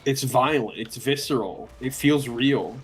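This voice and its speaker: A man's voice: mid-range voice, measured pace. A man co-streaming a game, joking and chatting casually, sometimes swearing. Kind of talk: casual chat while gaming.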